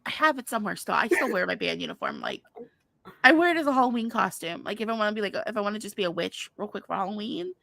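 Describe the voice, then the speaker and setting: A woman's voice: medium pitch, animated, quick pace, vocal fry, bright, forceful tone, dry recording. A woman co-hosting a podcast in casual chat, chatty, laughing often and trailing off mid-sentence. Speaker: podcast co-host.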